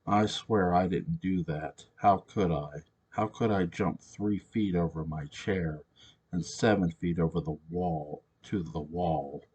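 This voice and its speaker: A man's voice: low voice, takes it slowly, a little mellow, breathy edge, exaggerated voice. A man voicing a nervous male fraud medium who pleads and defends himself. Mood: pleading.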